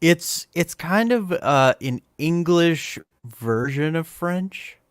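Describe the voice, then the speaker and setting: Laid-back guy answering interview questions, talks slow, smooth clear voice. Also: a little high, animated, no echo, clean studio sound. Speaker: guest, comic book creator. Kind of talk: casual interview.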